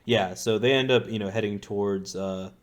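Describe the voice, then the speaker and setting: A man's voice: lowish voice, moderate pace. A man recapping a tabletop game as game master, adding context and correcting the players. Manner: correcting and explaining, adds context.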